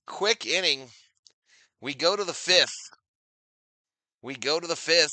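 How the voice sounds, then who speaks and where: A man's voice: fairly high pitch, very animated, unhurried, pauses often, bright, forceful tone, dry recording. A middle-aged man hosting a live watch-party stream, chatting casually, reading viewer comments aloud and calling plays as they happen. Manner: chatty, reads viewer comments, repeats phrases, addresses chat as y'all.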